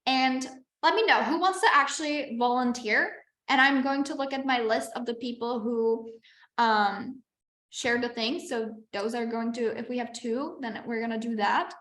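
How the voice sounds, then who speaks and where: A woman with a fairly high voice leads a live online masterclass as a business coach. She speaks in a chatty, encouraging way and often checks in with her class. Her video-call audio has a roomy echo. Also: moderate pace, a bit bright. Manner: chatty and encouraging, with frequent "like" and "okay".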